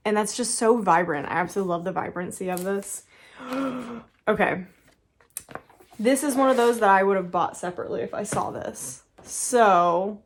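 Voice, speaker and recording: A woman in her thirties talks through an unboxing in a relaxed, chatty way. She gushes over what she finds and breaks into quick laughs often. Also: medium pitch. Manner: gushing, excitable, quick laughs. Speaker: book vlogger. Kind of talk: casual unboxing chat.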